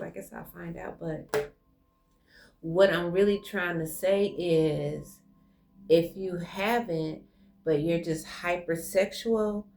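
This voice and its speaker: A woman's voice: lowish voice, darkish tone. A woman giving a casual online tarot reading, effusive and speaking straight to the viewer. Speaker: tarot reader. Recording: music playing clearly behind her voice.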